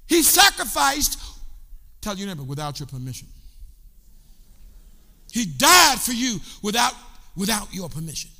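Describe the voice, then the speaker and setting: A middle-aged male pastor preaching an animated sermon, shouting and half-singing as he calls out to the congregation in a church. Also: on the high side. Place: church sanctuary. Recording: long hall reverb.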